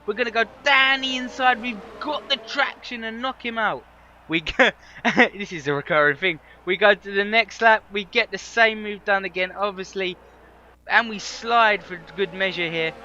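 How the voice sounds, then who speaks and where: A man with a hoarse, worn voice commentates a racing game in a chatty, slangy rush. His voice sits high and sounds tense and bright. A faint noise floor runs under the recording. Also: normal speed, muffled recording. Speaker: gaming video creator.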